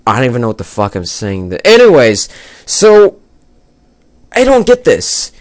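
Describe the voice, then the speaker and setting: A man's voice: medium pitch, huge pitch swings, normal speed, no echo. A young man ranting angrily about a game, swearing a lot and rambling as he argues his point. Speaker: gaming video maker. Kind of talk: angry rant to camera.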